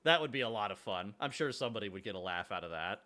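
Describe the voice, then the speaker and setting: A laid-back male streamer chatting away as he works, with a bright, forward tone. His pitch moves around a lot, giving the talk a lively, easygoing feel. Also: quick pace. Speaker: streamer and game developer. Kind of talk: casual live-stream chat.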